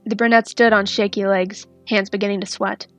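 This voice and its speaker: A woman narrating a fanfiction story in a steady, soft-spoken reading. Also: medium pitch, a little fast, soft background music. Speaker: fanfiction reader.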